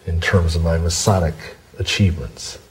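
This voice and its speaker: A man's voice: sits low, steady tone, normal speed, husky, poor audio. A man as an interview guest, explaining things at length in a rambling, digressive way. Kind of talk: long-form interview, storytelling.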